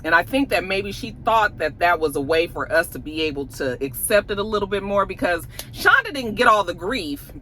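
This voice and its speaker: Bright, chatty man recapping an episode. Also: high-pitched, normal speed, hardly any pauses. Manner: animated, acts out characters' lines in a raised voice; chatty, talks straight to the viewers. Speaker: TV episode reviewer. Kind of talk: casual recap and review.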